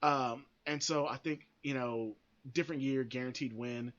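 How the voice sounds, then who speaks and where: A man's voice: mid-range voice, fairly even intonation, normal speed, fairly bright tone, lo-fi sound. A man hosting a podcast, giving blunt, opinionated commentary that rambles with frequent restarts and free swearing. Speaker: podcast host.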